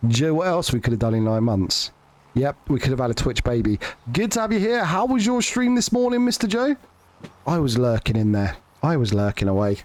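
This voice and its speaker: Fairly quick and very animated, in a mid-range, slightly mellow voice, this farming-game streamer jokes and curses with his viewers, rambling and frequently starting over.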